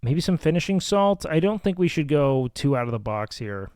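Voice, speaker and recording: A man streaming, telling rambling, profane stories in a casual, animated way on a close mic. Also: on the high side, normal speed, clean tone. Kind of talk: casual storytelling chat.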